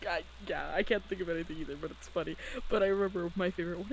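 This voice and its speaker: A woman's voice: lowish voice, very fast, creaky, slight background noise, low-quality recording. A young woman streaming her art, chatting casually and giggling often. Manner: giggly, animated.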